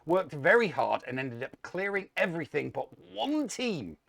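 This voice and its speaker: Gravelly, lively male co-host. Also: a little high, normal speed, a crowd in the background. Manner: recaps matches with dry humor, some hesitations. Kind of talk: casual gaming show recap.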